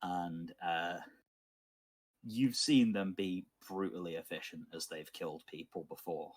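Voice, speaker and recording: A man narrating as game master of a tabletop game, unhurried and pausing often with fillers. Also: low voice, darkish tone. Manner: unhurried, thoughtful, with many filler pauses.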